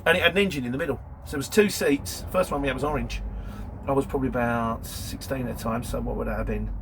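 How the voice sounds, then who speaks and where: Telling anecdotes from his work as a courier driver, a man in his 50s keeps a quick pace in a casual Q&A, laughing between stories. His mid-range voice has a fairly bright tone, with a little hiss or hum audible.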